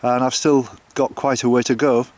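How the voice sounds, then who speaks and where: A man's voice: medium pitch, flat delivery, normal speed, a little mellow. A man walking a coastal path and chatting to the camera, hesitant, with many fillers and restarts. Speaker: walking vlogger. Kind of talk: casual chat to camera.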